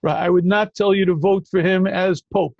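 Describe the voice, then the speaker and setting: A man hosting a call-in Q&A as a rabbi, emphatic and quick to cut in with repeated phrases. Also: high-pitched, steady tone, vocal fry, no echo, dull audio. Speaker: rabbi answering callers. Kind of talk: call-in Q&A talk.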